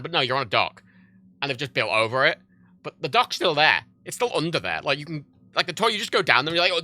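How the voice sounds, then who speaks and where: A man livestreams from home in a casual, rambling, profane chat, frequently cutting himself off. His voice is a little high, pushed and bright, with lively intonation, and he talks fast.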